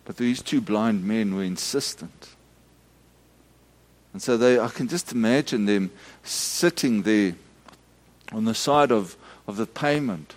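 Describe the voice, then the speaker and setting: A middle-aged Methodist minister, giving a storytelling sermon full of restarts and acted-out shouts. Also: male voice, fairly low pitch, unhurried, long pauses. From South Africa.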